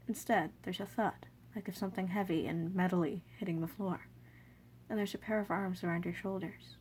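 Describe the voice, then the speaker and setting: A woman narrates a fan story in second person with soft, earnest warmth. Her voice sits at an ordinary middle pitch for a woman, with faint background noise underneath. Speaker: fanfiction reader.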